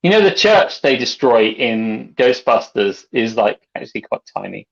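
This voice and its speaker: A man co-hosting a casual video-call cocktail chat, excitable and swearing. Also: medium pitch, moderate pace, vocal fry, lo-fi sound. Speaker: co-host.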